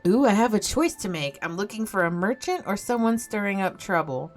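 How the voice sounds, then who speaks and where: A woman's voice: mid-range voice, animated, brisk, faint music behind. A young woman streaming a game, joking and self-mocking in casual commentary, swearing freely.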